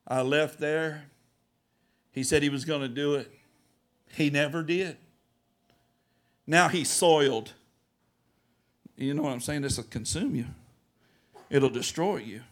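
A male pastor preaching a sermon, telling a story and acting out the dialogue, swinging from hushed lines to loud ones. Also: a little high, slow pace, pauses often.

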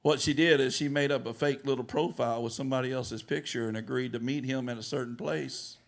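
A male pastor preaching a sermon, telling a story and acting out the dialogue, swinging from hushed lines to loud ones. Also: mid-range voice, fairly even intonation, fairly quick, creaky.

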